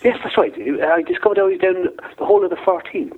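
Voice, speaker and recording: A cheeky Welsh gnome on the phone. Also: male voice, high-pitched, fast, husky. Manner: rambling storyteller with sing-song rises and falls. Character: cheeky male gnome caller, rambling and mischievous. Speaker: phone-in caller. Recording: tinny phone line.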